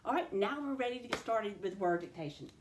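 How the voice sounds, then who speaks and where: Woman teacher, clear step-by-step phonics lesson. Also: medium pitch, lively intonation, brisk, background noise. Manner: clear, step-by-step instructional delivery, addressing students directly. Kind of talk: recorded classroom phonics lesson. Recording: roomy echo.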